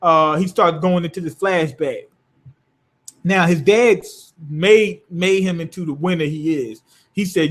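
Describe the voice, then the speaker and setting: A man's voice: high voice, unhurried. A man recapping an anime episode in a loose, rambling, profane way. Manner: profane, rambling, animated retelling. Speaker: anime reviewer.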